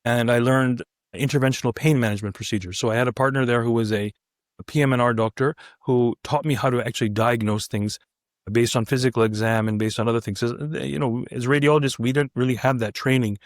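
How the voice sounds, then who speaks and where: Fast-talking middle-aged male doctor. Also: medium pitch, no room sound, clean studio sound. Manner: animated, many restarts and fillers. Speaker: interview guest, physician. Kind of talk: casual anecdotal storytelling.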